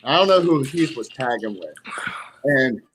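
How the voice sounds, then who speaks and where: A middle-aged man co-hosting a podcast, telling stories in an animated way and acting out what people said. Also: mid-range voice, normal speed, slight background noise. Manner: animated storyteller who acts out dialogue. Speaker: podcast co-host and wrestler. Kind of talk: casual podcast storytelling.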